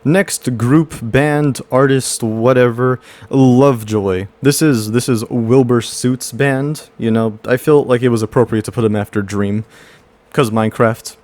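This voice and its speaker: A man's voice: mid-range voice, fairly even intonation, unhurried, darkish tone. A man giving casual commentary as a music reviewer, rambling with many repeats and fillers.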